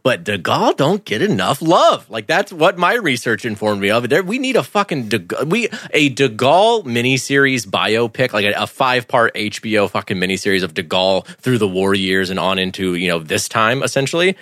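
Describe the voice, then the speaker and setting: A man's voice: medium pitch, brisk, few pauses, no room sound, clean studio sound. A man co-hosting a film podcast, chatting casually and profanely. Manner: animated, profane, laughs often. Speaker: podcast co-host.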